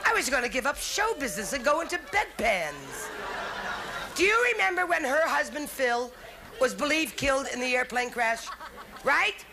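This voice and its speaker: A woman's voice: high-pitched, big pitch swings, normal speed, background noise. A middle-aged woman doing a bawdy stand-up routine, talking straight to the audience. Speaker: stand-up comedian. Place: theater stage with a live audience. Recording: 1970s TV special, loud crowd laughter.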